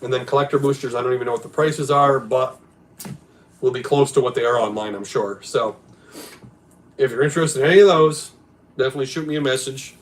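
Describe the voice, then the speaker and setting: A man's voice: mid-range voice, brisk, long pauses, poor audio. A man who runs a game store, hosting a casual stream about a game league with a laid-back, rambling way of talking. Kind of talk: casual chat.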